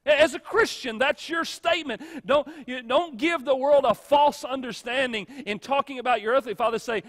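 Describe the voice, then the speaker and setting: A male pastor preaching a sermon, emphatic, with dramatic pauses and swings between loud and soft. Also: very high voice, long reverb tail. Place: church sanctuary.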